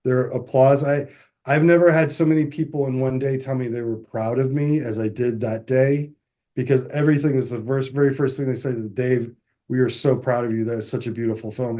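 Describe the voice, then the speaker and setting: A filmmaker being interviewed, telling stories in a casual, animated way with frequent restarts. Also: male voice, medium pitch, brisk. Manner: animated storyteller, restarts often, acts out quotes. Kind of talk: casual interview over video call.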